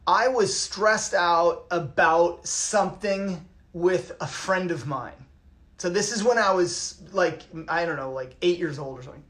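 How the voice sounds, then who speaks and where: A man's voice: high voice, fairly bright tone. Middle-aged canadian-born yoga guy rambling, repeats himself a lot, roomy echo around him. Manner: rambling, repeats phrases, many restarts. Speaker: yoga teacher. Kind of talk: casual reflective talk.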